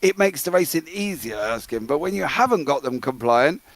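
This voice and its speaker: Gravelly, matey male race commentator. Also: a little high, big pitch swings, moderate pace, dry recording. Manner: chatty, matey, calls guest mate and brother. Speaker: sim racing commentator interviewing winners. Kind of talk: broadcast booth interview.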